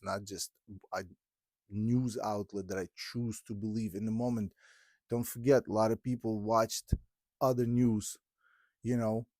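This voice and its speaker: Earnest man, low voice. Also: mellow, dry recording, clean studio sound. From Ukraine. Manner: earnest and heartfelt, with halting restarts. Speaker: podcast host. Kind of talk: candid podcast conversation.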